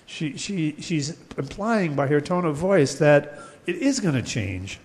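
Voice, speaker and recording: A man's voice: on the high side, sing-song, a little slow, hardly any pauses, a little mellow. A man teaching a class on Sanskrit poetics. He explains patiently, sometimes chants Sanskrit verses, and often restarts his sentences with fillers. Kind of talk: classroom lecture. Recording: long hall reverb.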